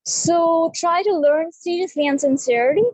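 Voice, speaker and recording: Young pakistani woman teaching an online class, high voice, switches english and urdu, lots of uh and you know, dry close mic. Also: normal speed, a little mellow, dry recording, low-quality recording. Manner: switches between English and Urdu, many fillers.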